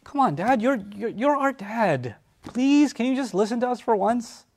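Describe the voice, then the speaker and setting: Grown sons pleading with their father, wheedling and insistent, as a man puts them on. Their voices leap up much higher than his usual talk. They keep pressing for their father's trust. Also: lively intonation, normal speed. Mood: coaxing.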